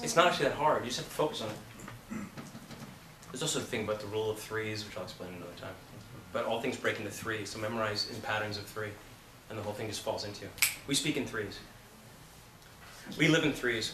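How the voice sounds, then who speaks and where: A man's voice: lowish voice, a little fast, pauses often, background noise. A man teaching an acting class, talking casually in a blunt, profane and emphatic way. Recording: roomy, from a distance.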